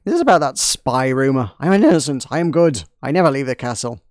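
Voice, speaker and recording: A man voicing a gruff, hardworking female castle cook who talks bluntly and indignantly. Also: medium pitch, expressive, quick pace, dry recording, clean studio sound, natural voice. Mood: defensive.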